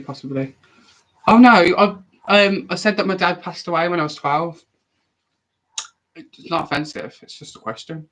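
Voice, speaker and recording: A young man chatting casually on a live stream, answering viewer questions in a rambling, animated way with frequent restarts. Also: a little high, moderate pace, pauses often, poor audio.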